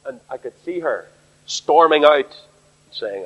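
A man's voice: on the high side, expressive, takes it slowly, husky. A man preaching an earnest sermon at a Bible study, asking rhetorical questions. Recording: echoey hall, dull lo-fi sound.

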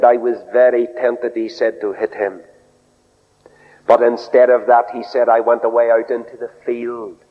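A man preaching a sermon, telling stories earnestly and dropping low and soft for quoted words. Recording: dull radio broadcast with long reverb.

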